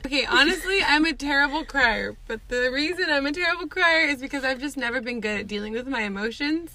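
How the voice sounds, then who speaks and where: A woman's voice: sits high, lively intonation, fast, background noise. A young woman in a casual group chat, speaking earnestly and reflectively.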